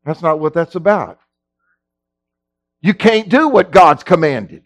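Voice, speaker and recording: A middle-aged male pastor preaching a sermon in a folksy way, moving between low, quiet teaching and loud shouting. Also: lively intonation, takes it slowly, no echo. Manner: folksy, drops into casual grammar.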